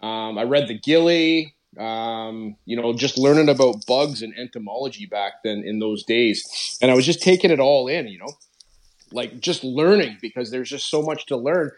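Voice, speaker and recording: A man's voice: mid-range voice, moderate pace. A middle-aged man, a podcast guest talking casually and rambling with many fillers. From Canada. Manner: rambling, lots of "you know" and "like" fillers. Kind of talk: casual conversational interview.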